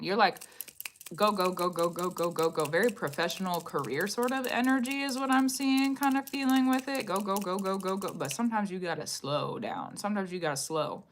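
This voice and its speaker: A woman hosting a live-streamed card reading. She muses aloud, repeats her phrases and speaks directly to her viewers, sometimes dropping to a soft whisper. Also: lowish voice. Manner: repetitive, musing, talks to viewers directly.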